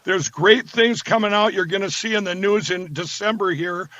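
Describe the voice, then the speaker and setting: A man talking as a guest, rambling and repeating words as he slips into a sales pitch. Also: normal speed, bright, forceful tone, dry recording. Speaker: guest, company founder. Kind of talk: casual talk with sales pitch. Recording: dull lo-fi sound.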